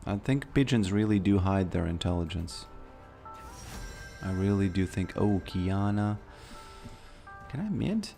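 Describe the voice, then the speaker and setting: Male streamer, very deep gravelly voice, rambling casual commentary while playing. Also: a little slow, dark tone, soft background music. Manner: rambling, stammers and repeats words. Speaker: game streamer.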